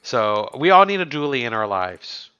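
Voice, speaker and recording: A man's voice: medium pitch, very animated, normal speed, pushed and bright, clean tone, highs cut off. A man co-hosting a podcast, musing and asking questions in casual chat. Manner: musing, chatty, asks questions. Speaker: podcast co-host.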